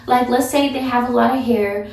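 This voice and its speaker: A woman's voice: fairly high pitch, fairly even intonation, normal speed, a little mellow. A young woman vlogger giving blunt, sassy advice in a casual, chatty way. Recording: echoey room, mic far off.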